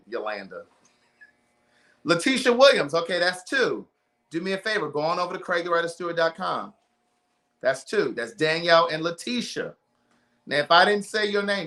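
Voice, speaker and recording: A man's voice: fairly high pitch, a bit bright. A man from Maryland hosting a live stream in casual chat, reading out viewers' names and thanking them. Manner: chatty, reads viewer names aloud.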